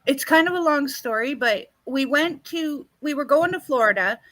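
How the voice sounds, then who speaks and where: A Canadian woman co-hosting a live stream chat, with a fairly high, bright, forceful voice. She rambles through her stories and keeps reaching for words with "what do you call it," recorded close and dry with no room echo. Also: expressive, normal speed. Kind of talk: casual storytelling chat.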